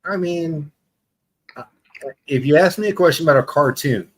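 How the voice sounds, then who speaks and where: A man's voice: on the high side, normal speed. A man hosting a casual panel chat, joking and bantering with his co-hosts. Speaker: panel show host.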